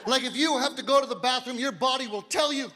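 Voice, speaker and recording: A man in his fifties performing a stand-up comedy set, telling big, animated stories on a stage mic in a live hall. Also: extremely high pitch, quick pace, noisy background. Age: 50s. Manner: big animated storytelling, drops to quiet voices for quoted doctor. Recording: live hall with audience laughter.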